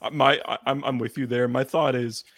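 A man co-hosting a podcast, easygoing, filling his talk with "like" and "um". His voice is gravelly with a husky edge, and the recording is dry and close. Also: mid-range voice, brisk, dry recording. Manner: relaxed, hedging with many "like" and "um". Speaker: podcast co-host. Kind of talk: casual chat.

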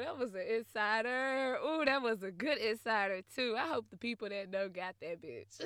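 A woman's voice: high voice, normal speed, no room sound, studio quality. Blunt, profane young woman telling a story. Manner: blunt, profane, animated, laughing often. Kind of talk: casual storytelling rant.

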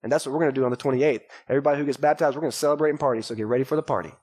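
A man in his thirties from Texas, a pastor preaching a lively sermon to a congregation and calling out to them. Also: mid-range voice, racing, breathy edge. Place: church sanctuary before a congregation. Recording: live church recording.

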